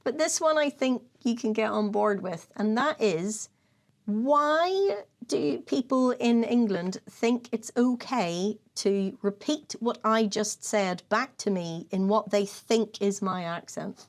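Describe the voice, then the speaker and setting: A woman from County Kerry, Ireland, speaks at a medium pitch and takes her time. As co-host of a casual chat, she tells stories in an animated way, full of laughing asides.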